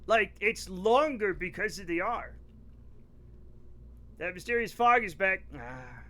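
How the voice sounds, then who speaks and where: A man's voice: high-pitched, measured pace, bright, forceful tone. A man with a New England accent chatting casually and animatedly on a live game stream, joking with his viewers. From northeastern United States.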